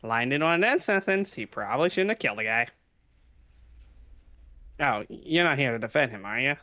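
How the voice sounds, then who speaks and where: A man's voice: medium pitch, animated, moderate pace, sharp tone. A man voicing a chatty, snide male guard character in a game.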